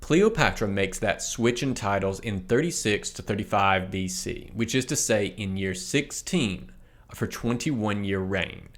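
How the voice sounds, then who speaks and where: A man reading a history blog post aloud in a measured way, reading out its notes and image descriptions too. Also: lowish voice, expressive, a bit bright. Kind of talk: read-aloud narration of an essay with notes.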